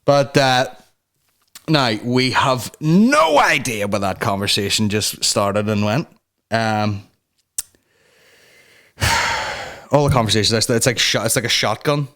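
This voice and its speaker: A man's voice: medium pitch, sing-song, slow pace, long pauses, fairly bright tone. Crude rambling male podcast host. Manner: rambling, crude, swears constantly. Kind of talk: casual comedy rant.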